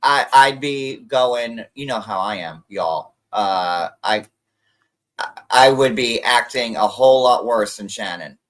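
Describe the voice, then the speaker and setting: A man's voice: mid-range voice, slow pace, a bit bright, low-quality recording. A man hosting a live show recap, gossiping animatedly, mimicking the people he quotes, and talking between bites of food on a computer mic. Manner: talks while snacking. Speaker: host.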